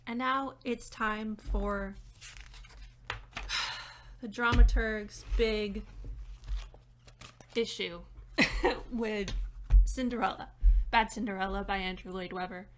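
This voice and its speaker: A young woman talking through a theater review in a chatty, animated way, often laughing between points. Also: medium pitch, slow, pauses often, a little hiss or hum. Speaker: theater critic and dramaturg. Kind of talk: casual video review. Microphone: reading notes off-camera.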